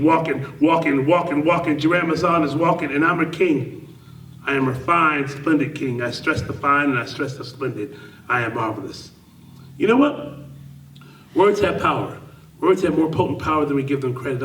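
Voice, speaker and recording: A man's voice: on the high side, a bit bright. A middle-aged man performing spoken word poetry with rhythmic, repetitive, playful affirmations. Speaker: performance poet. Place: club meeting room. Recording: echoey room, mic at a distance.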